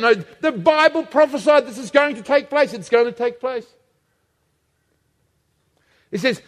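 A man's voice: extremely high pitch, expressive, normal speed, in a large hall. A man preaching a sermon, emphatic and fond of repeating phrases for effect.

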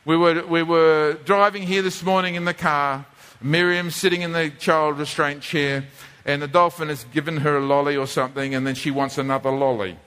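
A man preaching a teaching sermon, his high voice carrying a long hall reverb. He talks conversationally and often doubles back to repeat or restart words. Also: fairly even intonation, normal speed, fairly bright tone, clear, resonant tone. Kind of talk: teaching sermon with a drawing board.

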